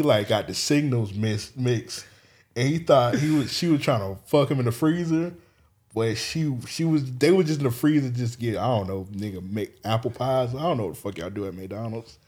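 A man's voice: mid-range voice, a little mellow. A young man co-hosting a podcast, telling a loose, profane story in casual chat and laughing as he goes. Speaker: podcast co-host.

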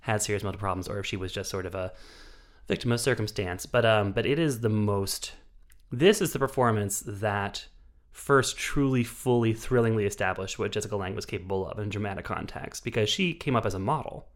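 A man's voice: fairly low pitch, a little fast. A man co-hosting a film podcast, chatting in a wry, rambling way. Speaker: podcast co-host, film critic. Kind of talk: casual chat.

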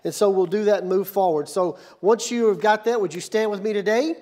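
Preaching briskly in a church sanctuary, a male pastor has an unusually high voice for a man. His sermon moves from steady, calm instruction into energetic, shouted call-and-response with the congregation.

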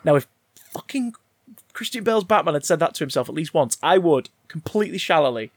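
In a casual film review conversation, a male podcast co-host rants and rambles with lots of swearing and animated energy. His voice is a little high and husky, and he talks at a quick pace.

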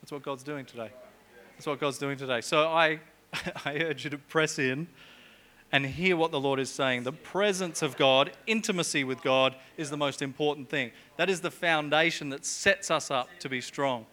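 Bright-voiced, chatty male preacher. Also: on the high side, normal speed. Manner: chatty, jokey, with humorous asides. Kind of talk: sermon.

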